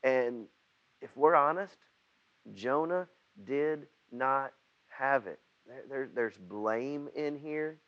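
A man preaching a sermon over video, speaking haltingly with frequent restarts and rising to emphatic outbursts. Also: a little high, fairly bright tone, dull audio. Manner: rises to emphatic outbursts when voicing Jonah. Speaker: pastor.

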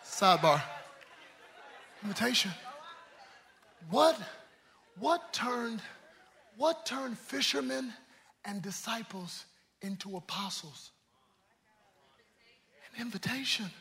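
A man preaching a sermon, calling out to the congregation and swinging from hushed, low asides to shouted climaxes. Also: animated, slow, gravelly, long pauses, a faint crowd. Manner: preaching with call-and-response, swinging from quiet to shouting. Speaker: pastor.

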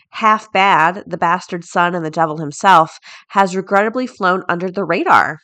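Chatty woman podcast host, low voice. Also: a bit bright. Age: middle-aged. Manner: chatty, off-the-cuff, laughs often. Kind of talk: casual chat and reading headlines.

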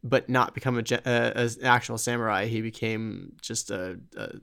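Smooth-voiced man talking games. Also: mid-range voice, moderate pace. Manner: relaxed, agreeable, thinks aloud with restarts. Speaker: podcast co-host. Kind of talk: casual video game discussion.

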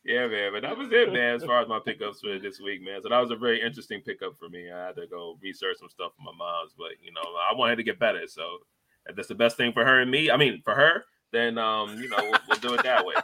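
A man in his forties chatting casually on a podcast, telling an animated story, acting out quotes and laughing often. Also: fairly low pitch, fast. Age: 40s. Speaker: podcast host.

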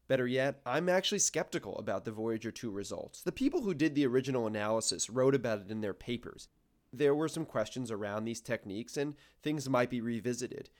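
A man in his twenties, a podcast co-host, explaining his research in a casual, wry, self-deprecating way. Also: medium pitch. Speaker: podcast co-host, planetary science grad student.

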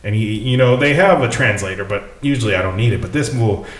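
A man's voice: fairly low pitch, animated, quick pace, reverberant. A man co-hosting a casual podcast, laid-back, swearing freely and laughing often. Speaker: podcast co-host. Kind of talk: casual chat.

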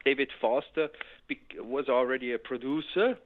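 An older man, a music producer and keyboardist, telling stories in a casual interview, rambling with restarts and growing animated. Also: medium pitch, moderate pace, phone-quality sound.

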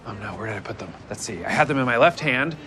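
A man's voice: mid-range voice, animated, quick pace, bright, forceful tone, slight background noise. An actor playing a scatterbrained adult male detective who rambles and fumbles through a goofy story in a sitcom. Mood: rambling goofy. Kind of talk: sitcom acting.

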